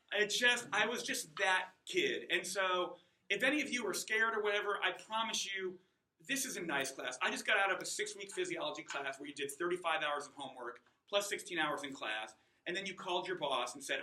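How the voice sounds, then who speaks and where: Man, 40s, adult student, self-mocking comic storyteller, very bright tone, echoey classroom. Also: high voice.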